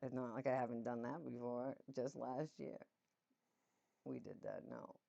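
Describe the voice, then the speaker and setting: A woman from Massachusetts co-hosts a podcast in a rambling, easygoing way, laughing often. Her voice has a gravelly, fried edge. The recording sounds dull and lo-fi. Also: a bass voice, normal speed, warm tone. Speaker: podcast co-host. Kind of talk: casual chat.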